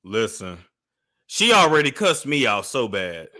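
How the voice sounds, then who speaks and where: Lively joking man, bright voice. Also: medium pitch, measured pace. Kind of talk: casual celebrity gossip chat.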